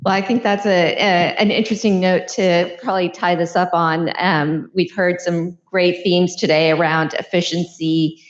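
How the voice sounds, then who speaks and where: A woman's voice: fairly low pitch, steady tone, normal speed, few pauses. A woman wrapping up a panel discussion, speaking hesitantly with many fillers. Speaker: panel moderator. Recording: dull, muffled sound.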